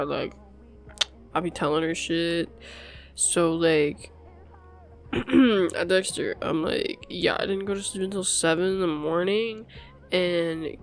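Slow, low-voiced rambling young woman. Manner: rambling, laughing, profane. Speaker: girlfriend talking to partner. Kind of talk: casual girlfriend role-play.

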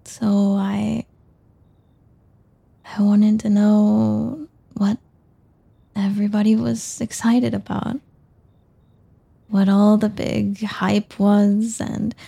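A woman's voice: medium pitch, flat delivery, extremely slow, gravelly, long pauses, mellow, husky, heavily acted. A young woman voicing a shy, nervous young woman in an audio role-play, talking hesitantly and stumbling over her words with many restarts.

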